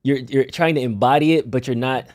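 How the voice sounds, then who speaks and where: An easygoing man co-hosts a live talk show and explains his points casually, now and then acting out how people talk. His voice sits at a middle pitch and sounds close and dry. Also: fairly quick, a little mellow, no echo. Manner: easygoing, explains things, acts out quoted speech. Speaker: show co-host.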